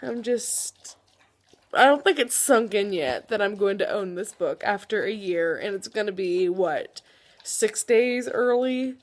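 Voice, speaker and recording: A teenage girl vlogging about a new book, gushing and swinging between hushed whispers and excited squeals. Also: mid-range voice, measured pace. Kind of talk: excited casual vlog. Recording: faint background noise.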